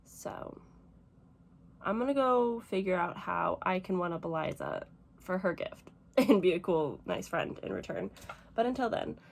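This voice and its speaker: A young woman from the United States, a book vlogger chatting casually and gushing emotionally, rambling fast with lots of fillers while teary. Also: fairly low pitch, animated, gravelly. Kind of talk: casual vlog chat.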